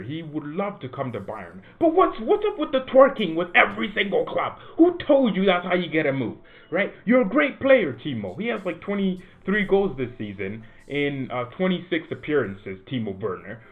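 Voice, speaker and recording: Animated man, tinny phone-like sound. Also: fairly high pitch. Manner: animated, rambling, keeps asking "right?". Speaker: football channel host. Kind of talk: casual fan commentary. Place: home room.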